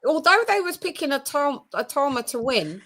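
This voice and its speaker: A woman's voice: high-pitched, big pitch swings, normal speed, fairly bright tone. A British woman hosting a casual online show, chatty, laughing and loose with her words. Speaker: host. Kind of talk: casual chat.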